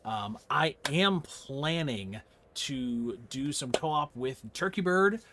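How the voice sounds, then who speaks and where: A man streaming a game, chatting to viewers in a relaxed, rambling, filler-heavy way. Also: medium pitch, slow pace, background noise. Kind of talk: casual gaming commentary.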